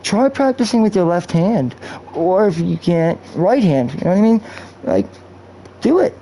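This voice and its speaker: A man's voice: high-pitched, animated, normal speed, mellow, slight background noise, poor audio. Rambling, profane male streamer. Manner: rambling, profane, off-topic musing. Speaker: gaming streamer. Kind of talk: rambling live-stream chat. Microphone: cheap streaming mic.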